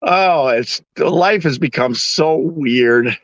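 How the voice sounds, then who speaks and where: Ranting stream host, male, higher voice, bone-dry and slightly muffled sound, sarcastic and exasperated. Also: slow pace, no echo. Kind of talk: ranting live-stream chat.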